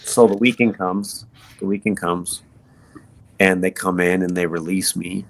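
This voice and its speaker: A man, a podcast guest, telling his personal story in an earnest, halting way with many fillers and restarts. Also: deep voice, fairly even intonation, vocal fry. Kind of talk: personal testimony in conversation.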